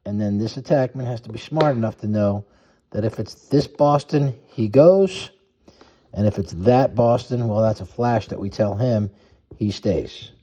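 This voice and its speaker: Dark-voiced coach walking through a play. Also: male voice, on the low side, measured pace. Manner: methodical, restates and corrects himself. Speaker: youth lacrosse coach. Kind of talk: explaining a play to a team.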